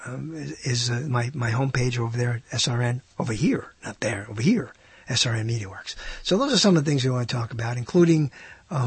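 A man's voice: medium pitch, husky, no echo. A man hosting a live internet radio talk show, rambling and hesitant, with self-mocking asides.

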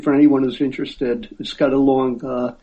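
A man as a guest in a casual chat, hesitant with many fillers, slow when spelling out details. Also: medium pitch, little pitch movement, warm tone, breathy edge, highs cut off.

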